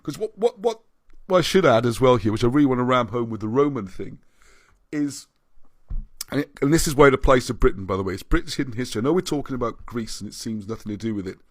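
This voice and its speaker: A man's voice: mid-range voice, animated, fast, dry recording. A man hosting a livestream and reading out viewer comments, rambling and often restarting his sentences. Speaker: livestream host.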